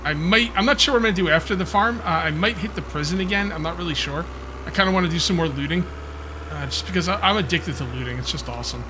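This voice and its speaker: Chatty New Jersey man, slightly high voice. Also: fast, noisy background. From Central New Jersey. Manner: chatty, thinks aloud, frequent restarts and fillers. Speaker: gaming channel host. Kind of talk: casual let's-play commentary.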